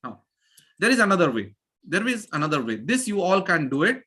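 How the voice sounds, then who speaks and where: A man teaching pronunciation to a live online class over a video call. His voice is bright and sharp, and his pitch swings widely as he repeats phrases with energy to drill the students. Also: sing-song, brisk, husky.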